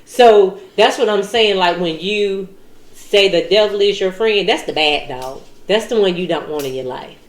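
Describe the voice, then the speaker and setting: A woman's voice: medium pitch, normal speed, echoey room. A woman chatting casually with a friend, laughing along and then giving earnest advice. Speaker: friend chiming in. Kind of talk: casual chat.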